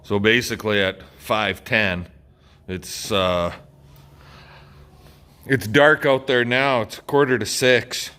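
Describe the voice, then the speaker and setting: A slow-talking farmer who hosts a channel chats casually outdoors among his farm machinery, his voice on the low side, steady, sharp in tone yet smooth. He's laid-back and rambling, drawing out his filler words. The vlog is recorded noisily outside, with engine and outdoor sounds in the background.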